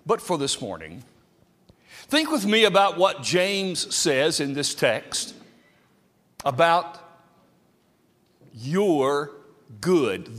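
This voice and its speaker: Man preaching, high voice, slow pace, big hall echo. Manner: lively, dramatic delivery with acted quotes. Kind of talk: sermon. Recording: long reverb of a hall.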